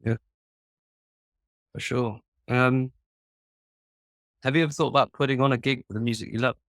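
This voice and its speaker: A man's voice: mid-range voice, fairly even intonation, moderate pace, a bit bright, no echo, studio quality. A young man with a posh English accent, a songwriter chatting casually and telling stories in a friendly way. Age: young adult. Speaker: songwriter interviewing a guest. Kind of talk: casual chat.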